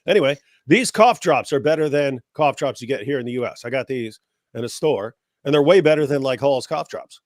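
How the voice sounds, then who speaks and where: A man's voice: medium pitch, lively intonation, fairly quick, no echo, studio quality. A man from the United States who has a cold, chatting casually as a guest in a sarcastic, mocking way. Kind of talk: casual chat.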